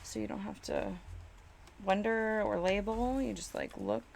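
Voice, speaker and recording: A woman's voice: mid-range voice, big pitch swings, a little slow, gravelly, darkish tone, slight background noise. A woman chatting casually on a live stream while crafting in her home studio, exasperated and self-mocking, swearing freely.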